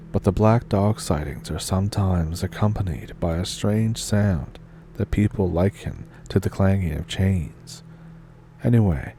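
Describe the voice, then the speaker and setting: Low-voiced man telling spooky stories. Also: slight background noise. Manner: calm, measured reading of spooky first-person stories. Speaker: horror story narrator. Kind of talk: storytelling narration.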